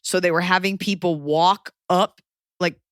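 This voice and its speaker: Young woman host, casual podcast chat, lively storyteller, dry close sound. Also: lowish voice, a little slow, clean tone, dry recording. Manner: animated storytelling, acts out quoted people.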